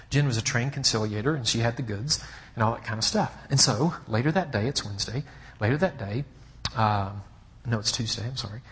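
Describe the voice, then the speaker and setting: A man preaching a sermon as a personal story, talking conversationally and checking in with his listeners, with swings from hushed to emphatic. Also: medium pitch, a little fast. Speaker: pastor.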